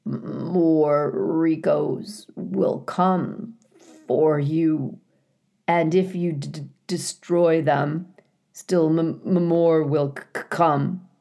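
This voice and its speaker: A woman voicing a broken male hunter robot in a storybook read-aloud, speaking slowly in a stuttering, garbled way. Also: low voice, fairly even intonation, gravelly, warm tone, exaggerated voice. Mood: failing.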